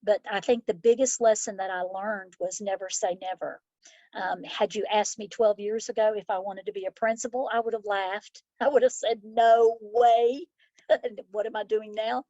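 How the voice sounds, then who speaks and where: This middle-aged woman, a school principal, shares heartfelt and reflective stories in an interview, voicing the children in them. She speaks at normal speed with a medium, fairly even pitch and darkish tone. The audio is dull and has no room sound.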